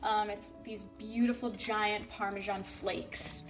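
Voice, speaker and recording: A woman's voice: mid-range voice, flat delivery, takes it slowly, far from the mic, music in the background. A woman demonstrating a salad recipe in a kitchen, chatty and gushing about the food. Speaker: guest cook. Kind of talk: cooking demonstration chat. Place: home kitchen.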